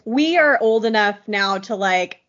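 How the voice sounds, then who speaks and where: A woman's voice: medium pitch, expressive, a little slow, fairly bright tone, highs cut off. A woman in her thirties co-hosting a podcast, chatting easily and agreeing with her partner. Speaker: podcast co-host. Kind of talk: casual chat.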